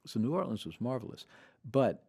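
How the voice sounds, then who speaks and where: A man's voice: mid-range voice, fairly quick, husky. A middle-aged man from the Southern US, a musician guest telling stories, acting out the quoted lines. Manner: animated, acts out quoted dialogue. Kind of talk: conversational storytelling.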